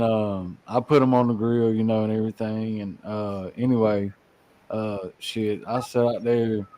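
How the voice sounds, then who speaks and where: A man's voice: medium pitch, gravelly, a little mellow, dry recording. A man telling loose stories in a casual podcast chat, rambling with lots of fillers. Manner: rambling storyteller, many fillers, Southern slang. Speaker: podcast guest.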